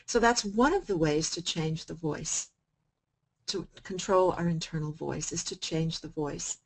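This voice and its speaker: A woman gives a self-help coaching talk to a group, moving between calm explanation and sudden loud, playful emphasis. Her husky voice sits low and she speaks a little slowly. The audio is poor.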